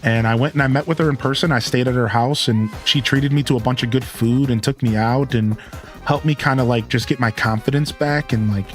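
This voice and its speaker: Man in his thirties, streamer, casual rambling chat, average pitch, faint game music underneath. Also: steady tone, a little fast. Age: 30s. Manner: candid, rambling storytelling with frequent restarts. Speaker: live streamer and show host.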